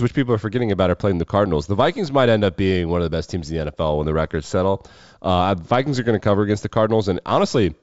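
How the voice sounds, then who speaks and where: A man hosting a casual solo sports talk show, profane and wry with quick asides. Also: deep voice, a little mellow, no echo, muffled recording. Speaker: sports betting show host.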